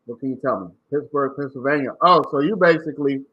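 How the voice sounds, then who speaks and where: A man's voice: medium pitch, fast, dull audio. A man from Maryland hosting a casual livestream, chatting and reading out viewer comments. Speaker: livestream host.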